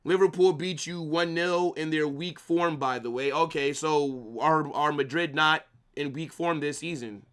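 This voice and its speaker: A man's voice: fairly high pitch, fairly even intonation, unhurried, fairly bright tone, smooth. Brash, trash-talking young man streamer. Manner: brash, trash-talking, swears a lot, calls chat "bro" and "brother". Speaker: watch-along streamer. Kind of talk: live match watch-along, arguing with chat.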